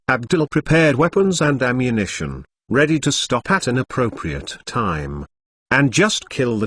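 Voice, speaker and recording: A man's voice: medium pitch, a bit bright, breathy edge, no room sound. A computer-voiced man narrating a web novel, reading out punctuation marks in stilted phrasing. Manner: reads punctuation marks aloud.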